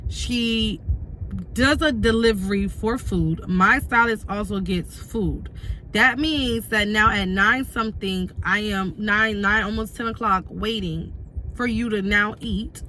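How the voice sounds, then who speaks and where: A woman's voice: medium pitch, slow pace, sharp tone, slight background noise. A young adult woman telling a storytime vlog, retelling events with emphatic repeats and asides. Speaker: vlogger.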